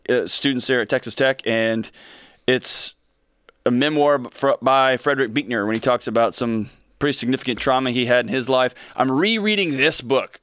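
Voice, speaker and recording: A man's voice: mid-range voice, fairly bright tone, no room sound. A man hosting his own podcast in a studio, chatting casually and energetically with rambling, joking asides. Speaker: podcast host. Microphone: studio mic with earphones.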